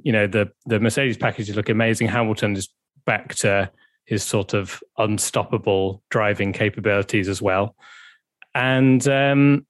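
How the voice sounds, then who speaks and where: A man co-hosting a casual podcast, relaxed and thoughtful in his opinions. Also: fairly low pitch, no room sound. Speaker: podcast co-host.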